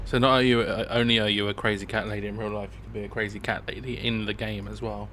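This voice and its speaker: A man's voice: fairly low pitch, little pitch movement, fast, a crowd in the background. A man hosting a stream, chatting casually with teasing asides. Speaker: stream host. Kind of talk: casual reaction chat. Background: music.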